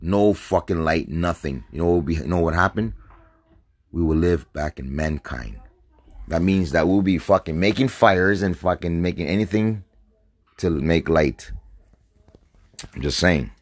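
Low-voiced man in a profane ranting monologue. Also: measured pace, pauses often, no room sound. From North America. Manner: agitated, profane, rambling with repeated words. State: says he is drinking and smoking. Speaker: vlogger. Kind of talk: stream-of-consciousness rant to camera.

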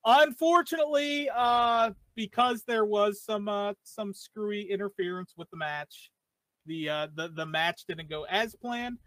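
A man with a fairly high voice, recorded dry and close. He co-hosts a casual talk show and talks in an animated, rambling way. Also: measured pace, no echo, poor audio. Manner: animated, rambling, with many fillers and restarts. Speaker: podcast co-host. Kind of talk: casual wrestling chat.

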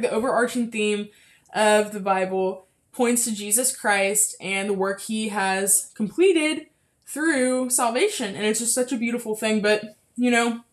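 A young woman hosting a casual faith podcast, chatty and full of fillers, a little out of breath close to the mic. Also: medium pitch. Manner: chatty, frequent fillers and laughs. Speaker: podcast host.

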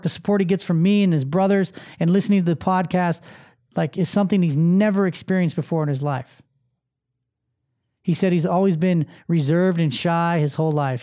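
A man with a fairly high but dark-toned voice films himself hosting his own podcast and coaching show. His casual motivational talk is emphatic, loaded with swearing, and uses repetition to push his message.

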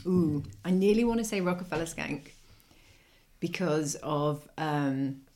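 Woman podcast co-host, casual banter, lower voice, laughs a lot. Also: unhurried. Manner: laughing, teasing, animated. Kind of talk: casual chat.

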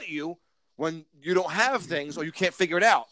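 A man's voice: fairly high pitch, moderate pace, a bit bright, no room sound. A man in casual chat, ranting with lots of swearing and stammered restarts.

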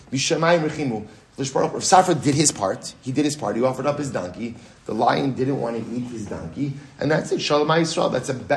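A middle-aged man, a rabbi, teaching a lively Talmud class, asking and answering his own questions and repeating key phrases. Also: fairly high pitch.

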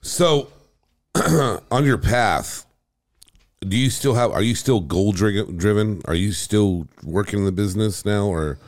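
A man co-hosting a podcast, asking a halting question and restarting it partway through. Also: on the low side, animated. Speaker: podcast co-host. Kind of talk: casual chat.

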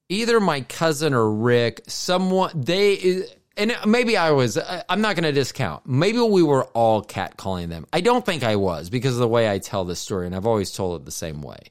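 In a smooth, mid-range voice, a male podcast co-host rambles through stories during casual chat, frequently going off on asides and restarting.

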